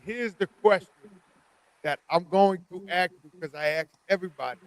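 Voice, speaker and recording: A man hosting a casual podcast chat, asking the guest quick questions. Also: high-pitched, dry recording, rough recording.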